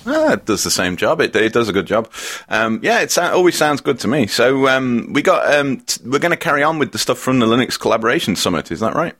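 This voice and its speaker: A man's voice: mid-range voice, very animated, a little fast, a bit bright. A man with a British accent co-hosting a podcast in casual chat, easygoing and a bit hesitant. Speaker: podcast co-host.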